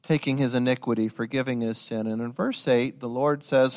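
A man preaching a sermon, swinging from quiet explanation to loud, rising dramatic passages and talking to his listeners directly. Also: mid-range voice, steady tone, brisk, hardly any pauses. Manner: addresses listeners as guys.

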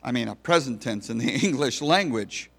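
A man's voice: mid-range voice, lively intonation, normal speed, vocal fry, fairly bright tone, breathy edge. A man preaching a sermon to a congregation in a folksy, storytelling manner. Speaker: pastor.

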